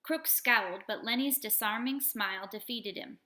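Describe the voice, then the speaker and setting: In an echoey room of a manor house, a woman reads a novel aloud as an audiobook reader, voicing the characters and occasionally stopping to talk to her pets. Her medium-pitched voice moves at a moderate pace and sounds pushed and bright.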